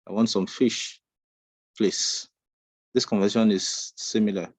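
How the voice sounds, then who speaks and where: A man's voice: on the low side, little pitch movement, normal speed, a little mellow, slightly rough, no room sound. A man teaching an Arabic lesson online, patiently explaining Arabic phrases in English and drilling students. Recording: dull lo-fi dry sound.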